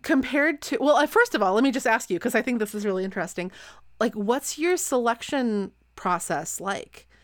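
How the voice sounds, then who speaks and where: A woman hosting a podcast in casual chat, talking fast and loose with plenty of fillers and laughs. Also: a little high, expressive, no room sound, clean studio sound. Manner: chatty, giggly, lots of fillers. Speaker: podcast host.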